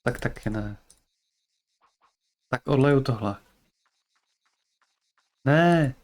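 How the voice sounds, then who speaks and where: A young adult man streaming a game, muttering and thinking out loud as he plays. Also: mid-range voice, slow. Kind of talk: casual game commentary.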